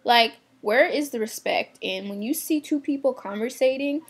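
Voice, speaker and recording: Fed-up gravelly-voiced young woman ranting. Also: on the high side, normal speed. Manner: exasperated, blunt, swears casually, fillers like "like". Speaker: shoe department retail worker. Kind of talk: venting to camera.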